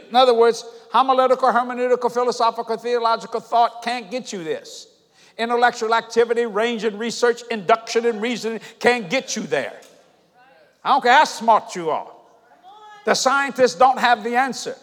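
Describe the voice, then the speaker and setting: A high-pitched man preaches a sermon in a church sanctuary. He drops to low murmurs, then climbs to shouted calls to the congregation. His voice rings through a hall with a long reverb tail. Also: moderate pace.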